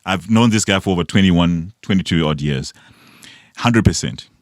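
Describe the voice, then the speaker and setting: A middle-aged man from Zimbabwe, co-hosting a podcast in casual chat, animated and laughing. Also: sits low, moderate pace, no room sound, studio quality. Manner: animated, laughs and acts out phone calls. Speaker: podcast co-host.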